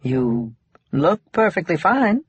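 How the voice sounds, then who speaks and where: A man's voice: a little high, sing-song, slow pace, slightly rough, no echo, voice pushed up, exaggerated voice. A man voicing a chipper female TV interviewer asking questions. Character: bright, chirpy female TV interviewer.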